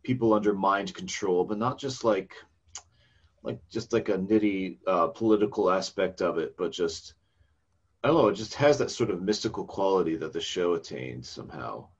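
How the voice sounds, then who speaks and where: A man's voice: low voice, moderate pace, husky, highs cut off. A man co-hosting a podcast, recapping a game session in casual, rambling chat that trails off into fillers.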